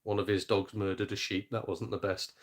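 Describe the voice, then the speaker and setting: Speaking in a lowish voice with a level tone, this young Shropshire man, from near the Welsh border, banters casually during a gaming live stream. He's chatty and jokey, quick to laugh, with some mild swearing.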